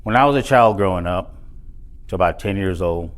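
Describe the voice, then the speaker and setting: Middle-aged man, deep low voice, motivational speaker telling his own story with punchy emphasis. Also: a little fast. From South Texas. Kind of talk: motivational speech. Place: event hall.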